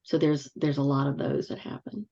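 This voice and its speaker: Low-pitched woman chatting on a call. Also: normal speed, vocal fry. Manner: relaxed, chatty, with soft fillers. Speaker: member of a spiritual discussion group. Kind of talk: casual group chat. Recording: dull lo-fi call audio.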